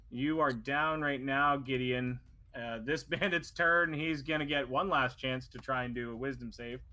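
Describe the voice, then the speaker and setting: Bright-voiced male game master. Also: mid-range voice. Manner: casual, rambling, swears freely. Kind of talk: narrating a tabletop game.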